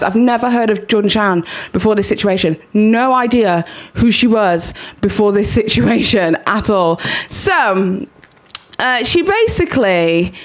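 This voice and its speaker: A woman hosts a casual commentary video in a mid-range voice. She chats loosely, with frequent fillers and restarts. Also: medium pitch. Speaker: commentary channel host.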